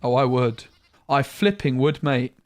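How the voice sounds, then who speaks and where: A man's voice: mid-range voice, a little slow, dry recording, clean studio sound. A man streaming a card game, chatting casually and muttering asides with mild slang. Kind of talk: casual gameplay commentary.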